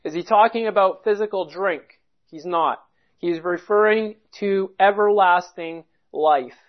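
Deliberate Bible teacher, muffled recording. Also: medium pitch. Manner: deliberate, explanatory, stresses key words.

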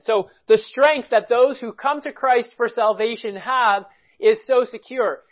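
A preacher giving an expository Bible sermon, reading scripture aloud and driving home each point by repeating it with emphasis. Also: medium pitch. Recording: dull lo-fi recording.

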